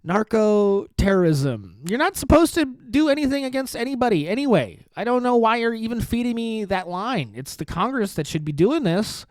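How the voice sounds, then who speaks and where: A man's voice: extremely high pitch, lively intonation, a little fast, hardly any pauses, no echo. A man hosting a podcast, ranting in a rambling, sarcastic and profane way, full of rhetorical questions and repeated phrases. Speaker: podcast host. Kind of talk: casual political rant.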